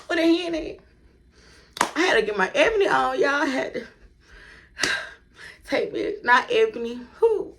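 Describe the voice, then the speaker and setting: A woman vlogger telling a story to her viewers, animated and chatty, swearing freely and laughing often. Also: high voice, moderate pace, pauses often, slight background noise. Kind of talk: storytime vlog.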